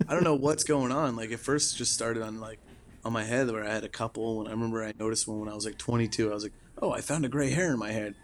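A man's voice: fairly low pitch, fast talker, a little hiss or hum. A man in his late twenties in casual, crude banter over a video call, laughing easily. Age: 20s. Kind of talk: casual chat.

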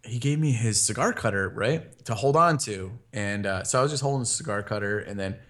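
A young man casually telling a funny anecdote, laughing often, rambling with fillers, and jumping into animated voices when he quotes people. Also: fairly low pitch, brisk.

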